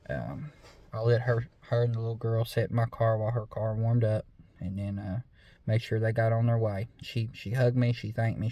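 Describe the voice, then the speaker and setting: This middle-aged man's voice sits on the low side with a dark tone. He recounts a true story casually and with a drawl, leaning heavily on fillers and repeating "I said" often.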